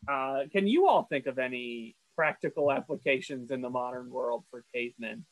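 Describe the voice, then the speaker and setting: A man's voice: mid-range voice, lively intonation, normal speed, no room sound, low-quality recording. A man co-hosting a casual podcast, recapping a cartoon episode in a rambling, stammering way. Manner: rambling, stammering, self-deprecating. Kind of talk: casual chat.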